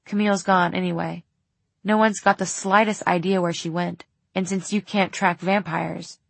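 A woman's voice: on the low side, little pitch movement, moderate pace, vocal fry, no echo. A woman voicing an anxious male warlock in an audiobook reading, muttering urgently.

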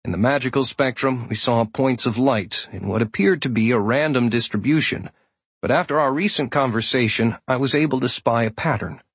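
A man giving steady first-person audiobook narration. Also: medium pitch, normal speed, slightly rough, dry recording.

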